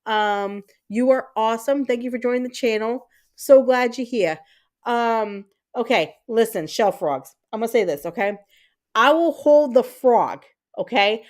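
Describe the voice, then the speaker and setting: Her voice a little high and a little slow, a thirtysomething woman hosts a live stream. Casual and animated, she tells stories full of profanity.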